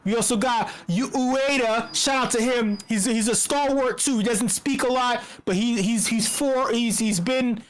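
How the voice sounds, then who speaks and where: A woman with a fairly high voice, swearing freely as she rants. Her delivery is excitable, casual and off the cuff, and her pitch leaps up whenever she gets worked up. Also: unhurried, few pauses. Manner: profane, excitable storytelling; big pitch swings when worked up. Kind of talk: casual livestream commentary.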